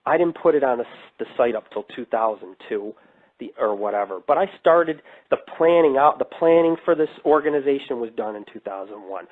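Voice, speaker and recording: A man from New York, a paranormal investigator hosting a radio show, ranting brashly and swearing in a casual monologue. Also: medium pitch. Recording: tinny phone-like radio line.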